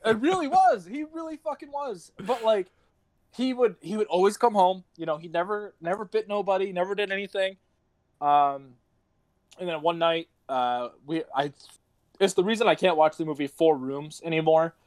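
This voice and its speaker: A man's voice: high-pitched, moderate pace, darkish tone, no echo. A young man telling rambling stories on a casual podcast, swearing often and laughing between lines. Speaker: podcast host.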